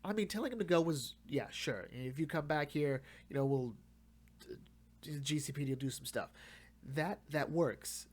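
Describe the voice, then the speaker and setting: A man's voice: medium pitch, a little slow. A man casually reviewing and recapping a comic run, chatting loosely and acting out the characters' lines.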